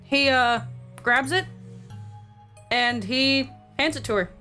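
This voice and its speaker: A woman serves as game master for a tabletop game, narrating casually and filling her speech with "like" and "uh." Her high voice is bright and forceful, and she speaks slowly. Soft music plays in the background.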